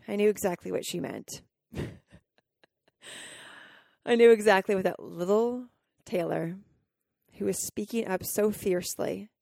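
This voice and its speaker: A woman from Colorado hosts her own podcast and tells a personal story. She sounds candid and emotional, with many fillers and restarts. Her voice sits at a middling pitch, and the recording is dry with no room echo. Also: gravelly, darkish tone. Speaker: podcast host.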